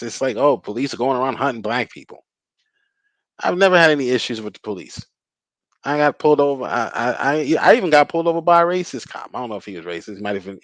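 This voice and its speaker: A man's voice: mid-range voice, no echo, low-quality recording. Older male host, opinionated commentary, sardonic, dry close sound. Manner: sardonic, argumentative.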